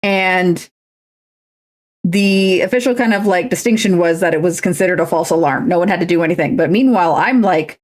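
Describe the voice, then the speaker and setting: A woman with a somewhat low voice talks at a moderate pace. Cross-stitching at home as she streams, she's chatty and self-mocking, drifting from story to story.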